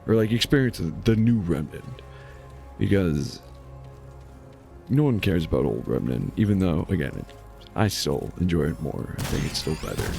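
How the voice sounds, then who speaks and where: A sarcastic man rambles through a live game stream, his low voice rough with fry and swinging widely in pitch. Game music plays clearly underneath. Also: a little mellow. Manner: sarcastic, rambling with many restarts. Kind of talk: casual gaming stream chat.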